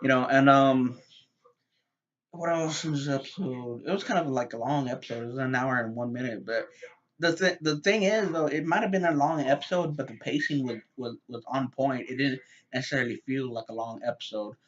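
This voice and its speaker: A man's voice: mid-range voice, a little fast, muffled recording. Rambling man reviewing a show. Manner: rambling, many fillers and repeated words. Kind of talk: casual unscripted review.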